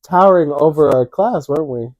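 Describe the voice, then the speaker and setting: Talking a little fast, a young co-host with a mellow, fairly high voice tells stories casually and animatedly, bursting into acted-out quotes with a lifted voice. The audio is close and dry, with no echo.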